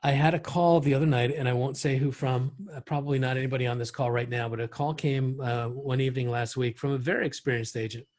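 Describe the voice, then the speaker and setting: A man's voice: mid-range voice, a little mellow. A middle-aged man leading an online real estate training session, talking in a conversational way with frequent restarts.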